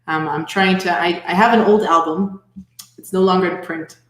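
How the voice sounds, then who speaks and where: A woman's voice: on the low side, fairly even intonation, normal speed, fairly bright tone, reverberant. A woman talking as a guest fiddler and music teacher in casual chat, laughing often as she speaks. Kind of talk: casual chat on a live show.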